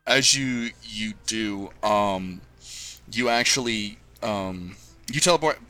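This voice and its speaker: A man's voice: fairly low pitch, slow, bright, forceful tone. A man narrating as game master of a tabletop role-playing game, hesitant, with frequent ums and restarts.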